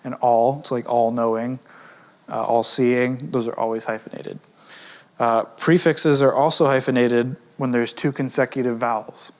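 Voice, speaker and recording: A man of middle pitch teaching a grammar lesson in a loose, conversational style. He slows down to stress each example word and drops in fillers and restarts as he talks. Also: steady tone. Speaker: grammar course teacher, editor. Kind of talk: recorded lesson.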